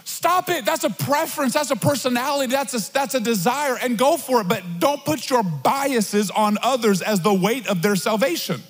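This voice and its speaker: A young male pastor with a very high, breathy, husky voice delivers an animated, conversational sermon full of jokes. His voice carries a long reverb through a large church hall. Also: moderate pace, few pauses, soft background music. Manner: animated, joking, conversational preaching.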